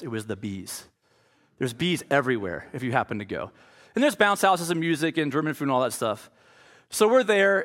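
A man's voice: medium pitch, a bit bright. A man preaching a sermon as pastor. He tells stories in a conversational way and acts out the voices he quotes.

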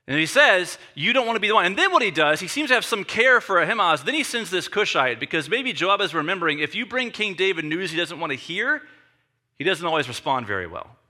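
Bright-voiced pastor telling a story. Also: male voice, high voice, brisk. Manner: animated storytelling, acting out the scene. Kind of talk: sermon.

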